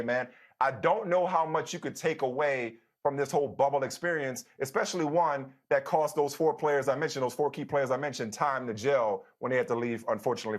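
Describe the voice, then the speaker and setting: Male sports host, agreeable and stop-start. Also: fairly high pitch. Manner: conversational, restarts sentences, quick agreeing interjections. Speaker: co-host of a sports talk show. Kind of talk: casual sports debate.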